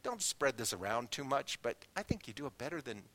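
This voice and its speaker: A man's voice: medium pitch, brisk. A middle-aged man preaching a sermon in a church, telling folksy anecdotes and acting out the people in them. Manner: folksy anecdotes, animated quoted voices. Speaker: guest preacher. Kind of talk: sermon with storytelling.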